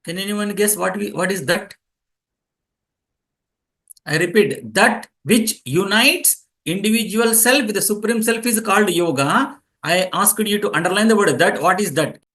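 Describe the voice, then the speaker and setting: A man lectures a class in a high, bright voice. He explains step by step, repeats key phrases and quizzes his students as they take notes. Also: measured pace. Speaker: yoga teacher.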